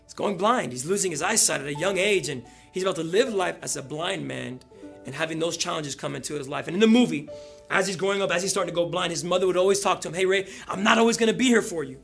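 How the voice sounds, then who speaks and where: A male pastor preaching a sermon, telling a story and building to loud emphatic peaks. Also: a little high, fast talker, vocal fry, faint music behind.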